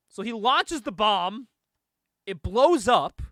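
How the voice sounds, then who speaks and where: A man's voice: high-pitched, big pitch swings, takes it slowly, bright, forceful tone, dry recording. Chatty man with a dry, close sound. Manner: loose, chatty retelling with frequent laughs and swearing. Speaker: podcast host. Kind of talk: casual comic book recap.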